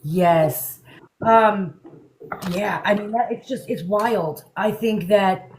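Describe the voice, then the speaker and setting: A woman's voice: mid-range voice, slow pace, a little hiss or hum, poor audio. A woman hosting a live stream, chatting casually and speaking her mind. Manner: outspoken, chatty.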